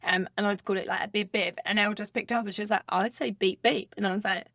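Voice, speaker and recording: A chatty woman in her thirties with an Essex accent, co-hosting a casual podcast and using lots of "like"s. Her voice sits at a middle pitch and sounds dry and close to the mic, with no room sound. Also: flat delivery, racing, bright, forceful tone, dry recording. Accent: Essex English. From England. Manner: chatty, filler-heavy, laughs often. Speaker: podcast co-host. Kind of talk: casual chat.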